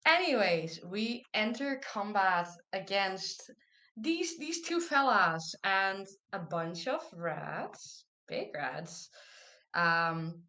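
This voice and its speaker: A woman's voice: medium pitch, sharp tone. A woman player wryly recapping a tabletop game session with sarcastic asides. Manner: sarcastic, wry.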